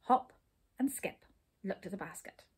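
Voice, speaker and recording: A woman reads a children's storybook aloud with a husky, breathy voice. Her narration is expressive, rising and dipping with the tale at a moderate pitch. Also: measured pace. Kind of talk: storybook reading.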